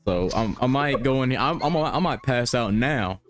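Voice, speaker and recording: A man's voice: medium pitch, expressive, normal speed. A hesitant man rambling as a player at a tabletop game. Faint music plays behind him. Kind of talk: casual tabletop play.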